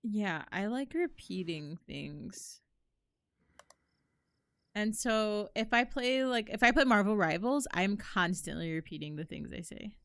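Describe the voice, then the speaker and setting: A woman's voice: medium pitch, animated, a little slow, fairly bright tone, dry recording. A young woman chatting casually and rambling while she plays and comments on a horror game. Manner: chatty, rambling, self-deprecating. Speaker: streamer.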